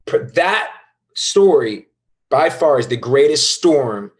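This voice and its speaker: A man's voice: mid-range voice, very animated, slow. Emphatic man in his thirties telling his story. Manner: emphatic, swears casually. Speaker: guest entrepreneur. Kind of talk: casual interview storytelling.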